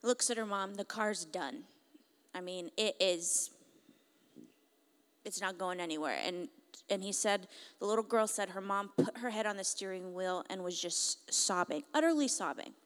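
A woman retelling a moving story as testimony, in an emotive, halting way with frequent restarts. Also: mid-range voice, a bit bright, clean tone. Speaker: speaker. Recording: long hall reverb.

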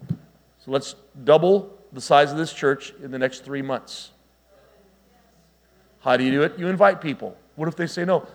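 A middle-aged man preaching a sermon, telling stories with lively asides to the congregation. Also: fairly high pitch. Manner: animated storytelling with asides to the congregation. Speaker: pastor.

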